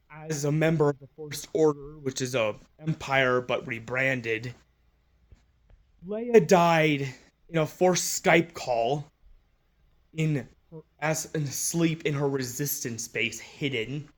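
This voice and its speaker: A man ranting in an angry, profane, mocking commentary, talking into a phone. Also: a little high.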